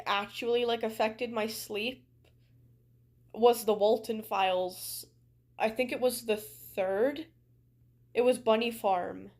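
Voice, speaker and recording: A young woman with a Canadian accent, chatting casually while streaming a game, rambling with lots of "like" fillers. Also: fairly high pitch. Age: young adult. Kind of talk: casual chat while gaming.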